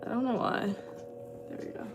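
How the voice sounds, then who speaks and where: A woman potter livestreaming as she works, chatting casually and thinking aloud. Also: moderate pace. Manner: rambling, thinks aloud while working. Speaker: ceramic artist livestreaming. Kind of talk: casual livestream chat while working. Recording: distant mic with background noise.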